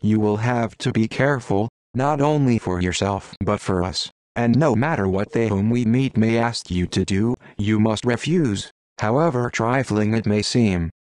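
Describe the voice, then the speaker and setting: A man's voice: fairly low pitch, normal speed, few pauses, darkish tone, no echo, natural voice. A man voicing a wise male trout guide in a storybook, speaking in a solemn, warning manner.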